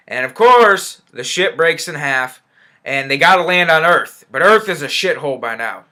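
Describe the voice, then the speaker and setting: A man's voice: on the high side, pushed and bright. A young man giving a casual, rambling spoken movie review, blunt and sarcastic, swearing freely and stumbling over fillers and restarts.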